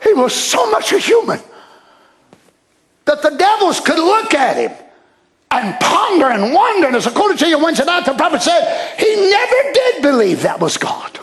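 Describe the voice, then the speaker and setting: High-voiced man preaching fervently in an echoey hall. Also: huge pitch swings, normal speed. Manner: shouting, fervent preaching with sudden drops to quiet asides. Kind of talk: impassioned sermon. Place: church sanctuary.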